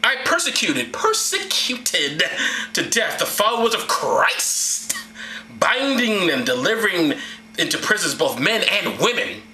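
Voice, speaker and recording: A self-important orator declaiming to a crowd, as a man puts him on. He stretches every phrase slowly, with a bright, lifted tone. The recording rings in an echoey room. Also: high-pitched, sing-song, slight background noise, full character voice. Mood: pompous. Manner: slow, grandly drawn-out solemn delivery. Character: the apostle Paul, a pompous grown man orating.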